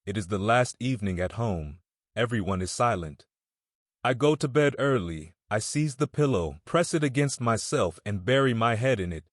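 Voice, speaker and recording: A man narrating an audiobook in a measured, somber first-person reading. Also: on the low side, expressive, no room sound, clean studio sound. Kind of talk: scripted narration.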